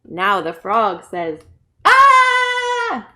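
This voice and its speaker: A woman children's librarian reading a picture book aloud to kids, playful and bursting into loud exclamations. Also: fairly high pitch, big pitch swings, takes it slowly. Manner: playful, with big shouted exclamations.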